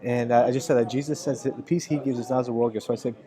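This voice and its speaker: A man's voice: medium pitch, steady tone, rapid-fire, few pauses, a crowd in the background. A man giving a casual spoken ministry update and earnestly telling a story, quoting people in his own voice. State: choked up with emotion.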